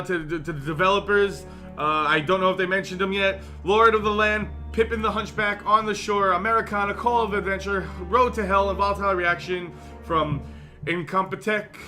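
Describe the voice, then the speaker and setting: A man hosts a let's play with a high, bright, forceful voice. He reads the game's narration in a hammy, theatrical way and breaks off to laugh and joke. Quiet game music plays underneath. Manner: playful, hammy dramatic reading with laughs. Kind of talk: gameplay commentary, reading game text aloud.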